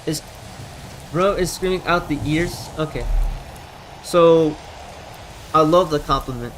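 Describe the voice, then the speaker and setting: A man chatting to his viewers during a live game stream. His voice sits a little high and carries loudly, as if pitched to reach a crowd. He talks emphatically and says things twice to drive them home, with a faint hiss of noise behind him. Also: slow pace, low-quality recording. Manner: loud, emphatic projecting voice, repeats himself. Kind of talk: casual live-stream talk while gaming.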